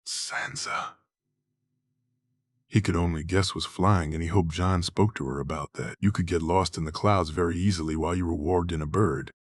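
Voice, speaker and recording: Low husky guy reading a fantasy audiobook, slow and steady, dry close mic. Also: dry recording. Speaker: audiobook narrator. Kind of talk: slow, even reading of fantasy fan fiction.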